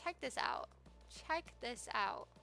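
A young woman live-streaming a game, gushing excitedly and chatting with viewers. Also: fairly high pitch, slow pace, gravelly, soft background music. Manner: excitable, gushing, talks to chat.

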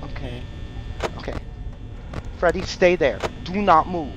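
Hoarse, jumpy gamer man, slow-talking. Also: a little high, muffled recording, very noisy. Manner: jumpy, shrieks and swears when startled. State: hoarse from laryngitis. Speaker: gamer streaming a horror game. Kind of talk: let's play commentary.

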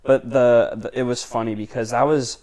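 A man's voice: medium pitch, steady tone, moderate pace, a loud crowd. A young adult man, a podcast guest and intern, telling a story in casual chat with plenty of "like" fillers. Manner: chatty, lots of "like" fillers.

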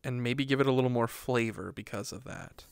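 A man commenting on a VR rollercoaster game, swearing, pleading and laughing, with frequent swings into panicked yelling. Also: medium pitch, fairly quick, vocal fry, smooth, no room sound, soft background music. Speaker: gaming YouTuber. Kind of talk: VR gameplay commentary.

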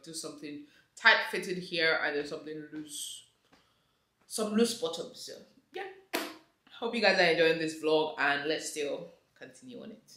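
A woman in her twenties from Nigeria, with a Nigerian accent, chatting excitedly in a home vlog and slipping into Yoruba. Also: low-pitched, reverberant. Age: 20s. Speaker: vlogger. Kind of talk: casual vlog chat. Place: home kitchen, indoors.

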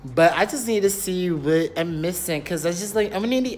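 This young man's voice is on the high side with a darkish tone, and he talks animatedly and briskly with hardly any pauses. He's vlogging to his phone camera in a rented apartment, rambling casually and leaning on fillers like "period."

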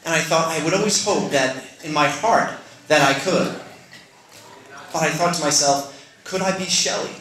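A middle-aged man tells a personal story to a live room, earnest and conversational, slipping in wry asides about himself. His voice sits a little high for a man, and the sound bounces around an echoey venue. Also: fairly bright tone.

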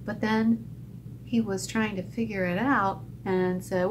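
A woman teaching a children's Bible lesson at a church, telling the story in an animated voice and acting out the characters' lines. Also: slow, slight background noise. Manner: animated, acts out characters' lines with big pitch jumps.

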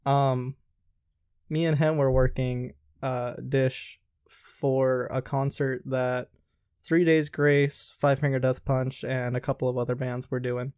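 A man's voice: mid-range voice, level tone, slow, a little mellow, no room sound, studio quality. A man hosting a podcast, chatting casually and rambling with crude jokes. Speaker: podcast host. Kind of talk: casual chat.

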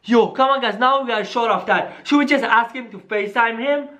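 A vlogger in a staged scary phone-call skit, excitable and talking straight to viewers, dropping into hushed tones at times. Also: mid-range voice, brisk. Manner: excitable, keeps saying "guys", drops to hushed tones.

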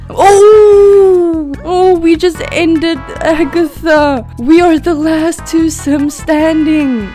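Woman, high voice, slow easygoing delivery, excitable gaming commentary, gasps and exclamations. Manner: excitable, gasping and exclaiming at the chaos. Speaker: gaming video creator. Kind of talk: let's play commentary. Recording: faint game music behind.

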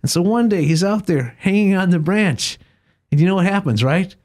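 A man, the guest of an interview, telling a long joke with animated character voices, then discussing philosophy. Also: high voice, normal speed. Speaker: guest author. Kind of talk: conversational interview, storytelling jokes.

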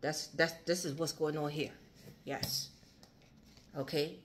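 Low-voiced woman giving a tarot reading. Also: steady tone, slow, noisy background. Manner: chatty, repetitive, swears, laughs. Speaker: tarot reader.

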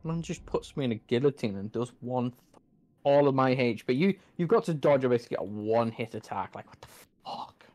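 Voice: medium pitch, lively intonation, quick pace, a little mellow. A gamer commentating on their own play, swearing often and complaining in frustration. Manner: swears a lot and vents at the game. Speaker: gamer playing through a game. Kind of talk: gameplay commentary.

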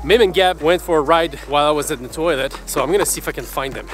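A man's voice: on the high side, fast, a bit bright, soft background music. A man filming a family vlog outdoors in the snow on a handheld camera, talking in a playful, teasing way and laughing often. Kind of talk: casual vlog chat. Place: outdoors at a forest ice rink in snow.

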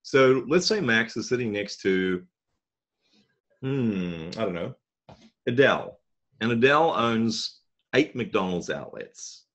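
A man presenting a marketing webinar, telling a story and acting out the dialogue, often clearing his throat. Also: lowish voice, a bit bright.

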